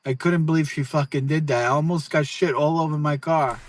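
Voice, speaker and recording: A man's voice: fairly high pitch, steady tone, fairly quick, no room sound. A man in a played clip giving a crude, profane, rambling rant, repeating himself and stumbling over words.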